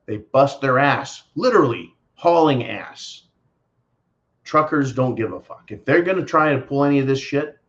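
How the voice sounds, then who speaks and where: Man, mid-pitched, ranting host, sarcastic and foul-mouthed, muffled lo-fi sound. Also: a bit bright. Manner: sarcastic, swearing, mocking voices when quoting. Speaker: host answering viewer comments. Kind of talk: profane political rant.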